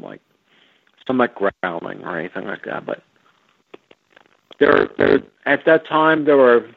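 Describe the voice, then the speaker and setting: A man, a guest on an interview show, recalling stories slowly with many fillers and restarts. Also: mid-range voice, no room sound. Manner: slow, halting, with frequent fillers and restarts. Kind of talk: relaxed storytelling over a phone line. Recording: tinny phone line, dry.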